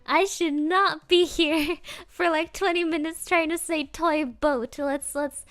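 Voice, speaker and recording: A woman's voice: very high voice, fairly even intonation, slow pace, a bit bright, dry recording, soft background music. A woman virtual streamer chatting casually with a non-native English accent, playful and giggly, repeating silly phrases. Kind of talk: casual live stream chat.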